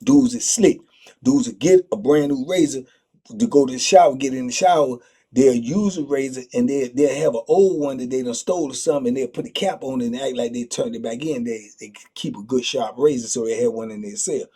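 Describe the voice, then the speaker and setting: A man hosting a channel, telling prison stories in an animated, slang-heavy way, full of excitable asides. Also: mid-range voice, fairly quick, husky. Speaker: storyteller host.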